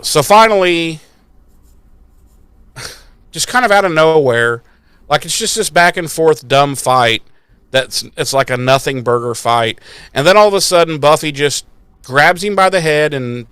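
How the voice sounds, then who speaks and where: Sarcastic, swearing man, fairly high voice. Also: takes it slowly, long pauses, smooth, no room sound. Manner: profane, sarcastic, animated storyteller. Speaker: podcast co-host. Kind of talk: casual recap chat.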